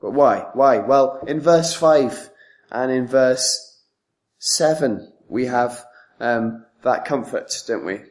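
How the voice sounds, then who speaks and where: A man preaching a sermon in a measured way, leaning on tag questions and pausing with frequent ums. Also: mid-range voice.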